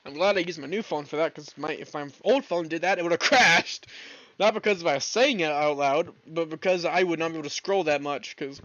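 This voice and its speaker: A man's voice: fairly high pitch, fairly quick, hardly any pauses, no room sound. Profane young man on a lo-fi stream. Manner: profane, rambling, bursts into exasperated yelling. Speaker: podcast host. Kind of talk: solo stream chat. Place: home room, alone. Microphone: streaming mic, leaning back from it.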